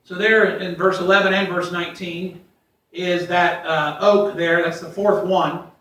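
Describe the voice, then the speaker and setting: A man preaching a sermon. He reads scripture aloud and swings from loud, rising readings to quiet asides. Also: high-pitched, little pitch movement, measured pace, a little hiss or hum. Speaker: pastor. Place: church sanctuary. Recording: echoey church from far off.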